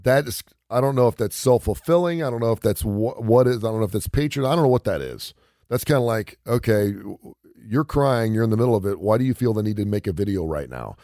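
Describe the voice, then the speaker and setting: Deep-voiced male radio host. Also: expressive, fast talker, warm tone, no room sound, clean studio sound. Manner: rambling storyteller, retells scenes with quoted lines. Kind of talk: casual radio chat.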